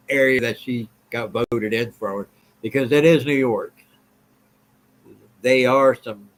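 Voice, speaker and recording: A man's voice: mid-range voice, rough recording. A man hosts a live stream and speaks bluntly in a mid-range voice. He repeats his points and answers viewers' comments as he goes. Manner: blunt, repetitive, reads and answers chat.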